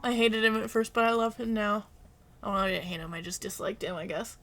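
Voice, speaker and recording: A woman's voice: mid-range voice, fairly quick, fairly bright tone. A woman streamer casually commenting during a game playthrough. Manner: casual, chatty.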